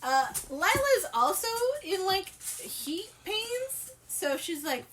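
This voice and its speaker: A woman's voice: very high voice, sing-song, takes it slowly, few pauses, a bit bright, slight background noise. A woman co-hosting a podcast, telling a story in a giggly, profane, rambling way. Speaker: podcast co-host. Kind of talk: casual storytelling chat.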